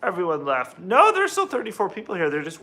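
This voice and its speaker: American man, young adult, rambling livestream chat, bright forward tone, slightly high voice. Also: huge pitch swings, a little fast. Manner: rambling, chatty, reads out chat names. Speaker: livestream host. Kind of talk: casual livestream chat while cooking.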